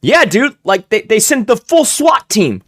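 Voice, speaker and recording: A young man streams live, telling a story in an animated, profane way and acting out the voices of others he quotes. His voice is high-pitched and a little slow, in a dry, clean studio recording.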